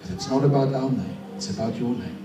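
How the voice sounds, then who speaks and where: Pastor praying in an echoey hall. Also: male voice, medium pitch, fairly quick, background noise. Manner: prayerful, swings between loud urging and hushed prayer. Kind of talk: sermon and prayer ministry. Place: church hall. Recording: echoey hall, far from mic, music behind.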